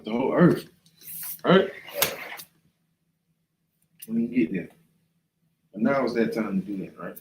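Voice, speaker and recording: A man's voice: mid-range voice, animated, a little slow, pauses often, roomy sound, background noise. A man leading a casual Bible class, talking loosely and often checking in with the listener. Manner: conversational, often asks "right?" and "you know what I'm saying?". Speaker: class leader.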